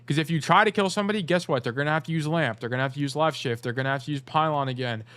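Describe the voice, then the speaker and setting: A man's voice: a little high, very fast, a bit bright. Blunt man coaching over gameplay. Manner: blunt, direct instructions with repeated commands. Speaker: game coach.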